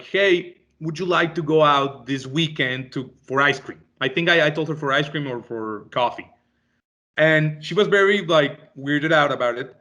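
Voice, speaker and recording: A young man giving a storytelling talk to an audience, animated and acting out the dialogue he quotes. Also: a little high. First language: Spanish. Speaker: speaker.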